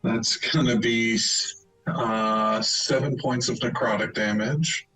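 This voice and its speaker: Male player at a tabletop game, relaxed and unhurried, mid-pitched. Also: faint music behind, low-quality recording. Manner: laid-back, reads out rules and rolls.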